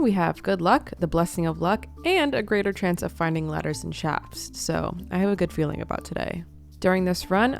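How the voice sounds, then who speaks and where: A woman hosting a let's play, giving casual, excitable gameplay commentary and swearing freely. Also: fairly low pitch, creaky.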